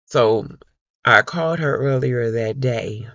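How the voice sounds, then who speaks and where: A middle-aged woman vlogger chatting to her viewers, telling a personal story in a slow, heartfelt way and calling them y'all. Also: rumbling low, fairly bright tone, dry recording, lo-fi sound. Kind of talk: casual chat to viewers.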